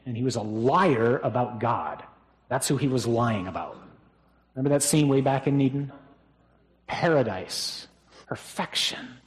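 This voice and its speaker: Male priest preaching at a funeral, conversational and mid-pitched, with a habit of tag questions. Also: a little mellow. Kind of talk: funeral homily.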